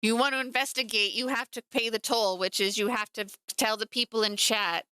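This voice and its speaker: Bright, clear-voiced woman streamer chatting. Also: on the high side, fairly even intonation, fairly quick, no room sound. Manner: chatty and playful, teasing her cat. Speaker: streamer painting miniatures. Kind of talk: casual live-stream chat.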